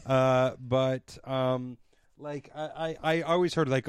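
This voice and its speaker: A man's voice: mid-range voice, steady tone, takes it slowly, clean tone, no room sound, clean studio sound. Blunt swearing man in a chat. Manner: blunt, swears casually, hesitant restarts. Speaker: podcast co-host. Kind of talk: casual chat.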